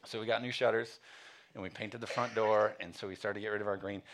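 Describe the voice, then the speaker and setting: A man's voice: lowish voice, fairly even intonation, quick pace, a bit bright, slight background noise. A male pastor preaching a sermon, telling a home story with frequent chuckles and then turning to earnest calls for passion. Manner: casual storytelling, chuckling often; earnest exhortation.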